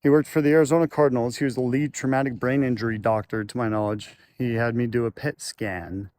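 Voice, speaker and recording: A man's voice: mid-range voice, fairly even intonation, quick pace, darkish tone. Rambling man telling a story. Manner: rambling, loose, with fillers and restarts. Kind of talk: casual storytelling to camera. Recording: faint background noise.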